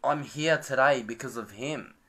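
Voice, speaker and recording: A man's voice: medium pitch, moderate pace, a bit bright, husky. Young aussie guy rambling, sad, swearing a lot, reaction vlog vibe. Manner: rambling, profane, mournful. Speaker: vlogger.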